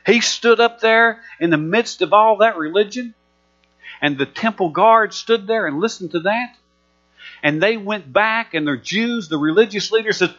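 A man with a high, bright, forceful voice preaches an emphatic, repetitive sermon. The recording is muffled and lo-fi, with a steady mains hum underneath. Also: moderate pace.

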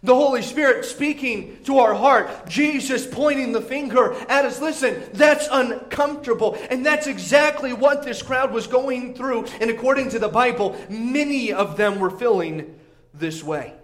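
A man's voice: very high voice, normal speed, a bit bright. A man preaching a sermon, emphatic, often repeating words and acting out voices from the crowd.

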